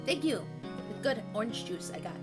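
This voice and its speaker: A woman's voice: on the high side, very animated, moderate pace. A woman streaming a game, chatting casually in a playful, giggly way. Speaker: VTuber streamer. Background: game music.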